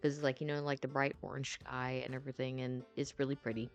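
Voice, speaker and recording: A woman with a low voice tells a story from her own life in an easy, rambling storytime manner. She piles on fillers and restarts and swears freely. Faint music plays softly underneath. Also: level tone, fast talker. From North Carolina. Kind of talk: casual storytime narration.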